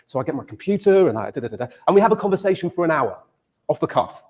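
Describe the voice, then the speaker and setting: A man's voice: fairly high pitch, lively intonation, very fast, a little mellow. A male university lecturer giving a lecture and telling a story, repeating words as he starts his phrases.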